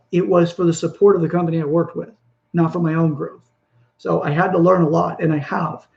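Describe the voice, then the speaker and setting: A man's voice: fairly high pitch, darkish tone, highs cut off. Earnest man giving a rambling motivational talk. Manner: earnest, rambling with restarts and self-corrections. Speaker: podcast host. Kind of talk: motivational monologue.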